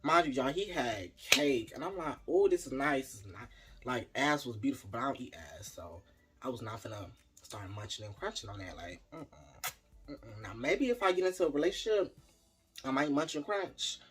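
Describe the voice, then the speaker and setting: A man vlogging a casual storytime, talking straight to his viewers in a lively, chatty way. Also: mid-range voice, normal speed. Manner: animated, chatty, addresses viewers directly.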